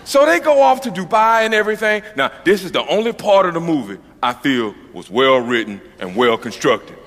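High, lively male comedian in a hall. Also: brisk. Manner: profane, mocking, acts out characters. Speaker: stand-up comedian. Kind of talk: stand-up comedy routine. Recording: long reverb of a hall, faint noise.

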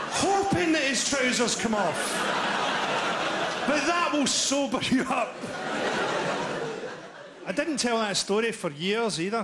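A man in his forties performing a stand-up routine on a live stage, telling dark, profane jokes in a deadpan way. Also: very high-pitched, heavy background noise. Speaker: stand-up comedian. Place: live comedy venue with audience laughter.

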